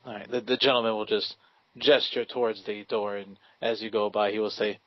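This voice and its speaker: Low-voiced man narrating as game master. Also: level tone, a little fast, dry recording. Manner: careful, descriptive, with restarts. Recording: dry, lo-fi sound.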